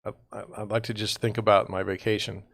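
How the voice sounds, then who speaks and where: A man with a low, gravelly voice hosts a casual real estate livestream. He rambles from gripe to gripe in an exasperated, sarcastic tone and sounds tired. The recording is dry and close, with no room echo. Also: level tone, fast talker, fairly bright tone. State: tired, yawning.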